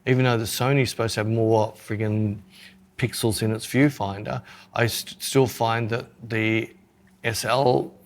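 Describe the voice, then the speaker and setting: A man's voice: fairly low pitch, level tone, measured pace. A man co-hosting a podcast in casual chat, joking and self-mocking as he talks through his photography gear.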